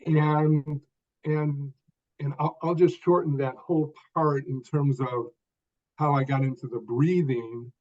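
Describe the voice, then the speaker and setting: An older man, a podcast guest, telling his story in short deliberate phrases, stressing key words, with some repeated words. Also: a little high, steady tone, darkish tone, lo-fi sound. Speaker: guest author.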